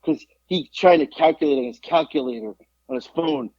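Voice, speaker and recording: This forties-aged podcast co-host chats casually, telling lively stories, voicing quotes, and cursing without restraint. His creaky, fairly high voice moves at a moderate pace, with no room sound and dull audio.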